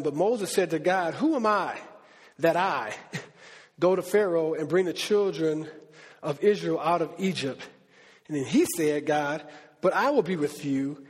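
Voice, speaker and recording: A man giving a casual, animated Bible teaching, acting out the quotes in a conversational way. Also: high voice, slightly rough. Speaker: preacher. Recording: reverberant hall.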